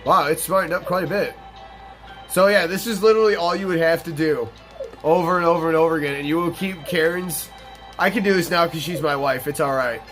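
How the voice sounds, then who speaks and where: A young man with a fairly high voice rambles through a let's-play, mixing game chatter with a long, profane anecdote. He talks casually and animatedly. Faint game music plays under his voice. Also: brisk, a bit bright. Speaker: gaming channel host.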